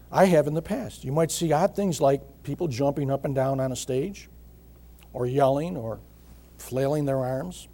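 A middle-aged man delivers a sermon in a husky, mellow voice that sits a little high for a man. He preaches at a measured pace, repeats his key phrases, and often pauses to clear his throat. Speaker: pastor.

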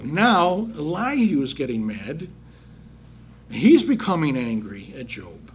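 Lively preacher man expounding scripture. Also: fairly high pitch, takes it slowly, slight background noise. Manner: reads verses then paraphrases in plain talk, addresses congregation as brethren. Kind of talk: sermon, Bible exposition.

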